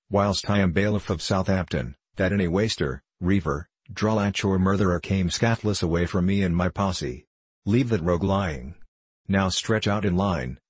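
A man's voice: low-pitched, husky, no room sound. Man doing a stern, blustering medieval bailiff. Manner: stern, blustering, archaic speech.

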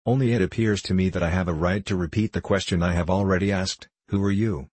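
A man's voice: low-pitched, fairly even intonation, fast talker, darkish tone, no echo. A man doing a cold, mistrustful young prisoner. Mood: guarded. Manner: cold, curt, guarded. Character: guarded young male prisoner of noble birth, mistrustful.

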